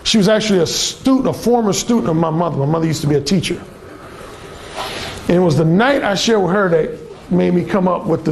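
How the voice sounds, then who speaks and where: Man, high gravelly voice, animated, blunt profane storytelling to a room, faint noise behind. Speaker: dating coach giving a talk. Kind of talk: live seminar storytelling to a room.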